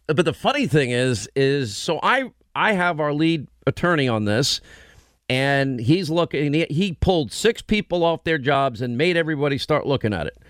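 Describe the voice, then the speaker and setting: A man hosts a show in casual banter, telling stories bluntly and acting out what others said. His voice sits fairly high for a man. The studio sound is dry and close. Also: normal speed, no echo. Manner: blunt, animated storytelling with quoted asides. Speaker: radio and TV host.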